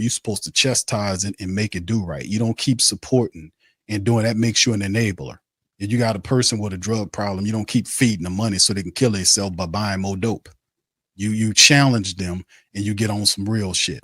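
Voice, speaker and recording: A man's voice: on the low side, a bit bright, dry recording, clean studio sound. A man hosting a postgame sports show. He rants bluntly and heatedly and keeps repeating his phrases. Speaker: sports talk show host.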